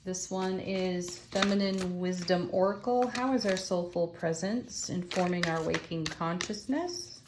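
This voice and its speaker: A woman's voice: fairly low pitch, measured pace, few pauses, background noise. A woman giving a spiritual tarot reading, enthusiastic and affirming as she exclaims over the cards. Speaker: tarot reader.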